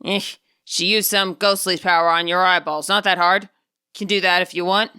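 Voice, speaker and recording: A woman's voice: fairly high pitch, very animated, a little fast, sharp tone. Woman doing a grumpy old man spirit. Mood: grumbling. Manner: huffy, scolding. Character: grumpy old male spirit, gruff and blunt.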